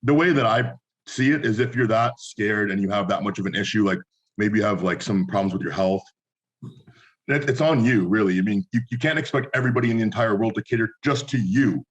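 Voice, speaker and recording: Blunt, low-voiced man. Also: a little fast, lo-fi sound. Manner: blunt, opinionated storytelling. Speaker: podcast co-host. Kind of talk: casual chat.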